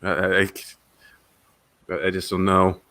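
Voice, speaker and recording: A man's voice: low-pitched, monotone, slow, very noisy. A man co-hosting a podcast, bantering casually, joking and laughing often. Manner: laughs often, jokey, sings snatches of songs. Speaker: podcast co-host.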